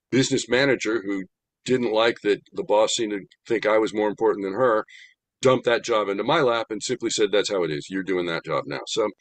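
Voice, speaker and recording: An older American man giving an animated, humorous talk about his spiritual path, slowing down to stress points. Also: on the low side, no room sound. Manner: animated, humorous, slows down for emphasis. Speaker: spiritual speaker. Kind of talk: storytelling talk.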